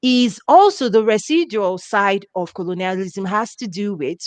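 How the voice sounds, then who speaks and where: A woman hosting a conversational interview, speaking emphatically with lively, drawn-out exclamations. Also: mid-range voice, no echo. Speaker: interview host.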